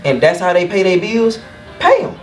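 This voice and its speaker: A man's voice: high voice, wildly swooping pitch, normal speed, over music. A young man, a barber hosting a podcast, earnestly laying out his personal views in casual chat and often asking "you know what I'm saying". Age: young adult. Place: shop room. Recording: roomy sound from a distant mic.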